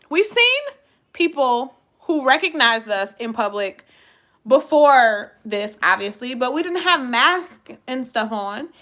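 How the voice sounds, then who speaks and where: A young woman hosting a vlog, chatting casually and live with her viewers in an expressive, loud, giggly way. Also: high voice. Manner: giggly, laughs often. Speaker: vlog host.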